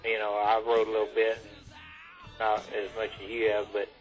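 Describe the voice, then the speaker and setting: A man talking by phone as a guest on a casual show, joking dryly and drawling with pauses. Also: lowish voice, completely flat delivery, faint music behind. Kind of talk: casual chat. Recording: dull phone line.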